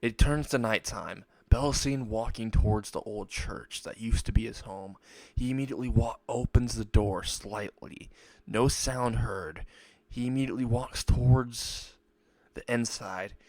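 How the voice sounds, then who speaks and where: A man's voice: mid-range voice, unhurried, darkish tone, dry recording. A young man narrating an improvised fan-fiction story, rambling and restarting mid-sentence.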